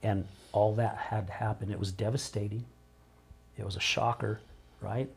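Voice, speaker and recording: Low-voiced middle-aged man, candid and emotional. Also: little pitch movement, normal speed, vocal fry, breathy edge. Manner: emotional, open, rambling with repeated starts. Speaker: podcast guest, recovery coach. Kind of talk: candid interview conversation.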